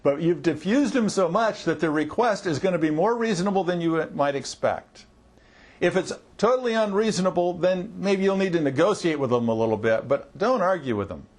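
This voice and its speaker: Man coaching service staff, slightly high voice. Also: expressive, brisk. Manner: conversational, coaching, acts out customer lines. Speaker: marketing coach. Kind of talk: training talk to auto service staff.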